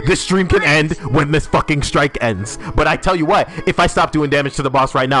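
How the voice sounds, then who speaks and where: A man streaming a game, chatting loosely with teammates and viewers, loud and swearing constantly. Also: fairly high pitch, normal speed, few pauses, faint music behind. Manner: animated, talking to teammates and chat. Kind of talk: casual live-stream chat while gaming.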